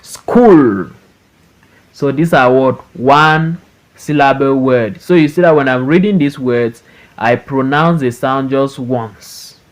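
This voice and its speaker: A man teaching an English phonics lesson, reading words slowly syllable by syllable for students to repeat. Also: medium pitch. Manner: slow and deliberate, stretching words out syllable by syllable.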